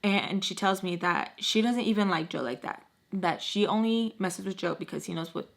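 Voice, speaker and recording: A young adult woman vlogger with a gravelly, medium-pitched voice tells a personal story at a moderate pace. She's chatty and leans heavily on fillers, acting out the dialogue she quotes.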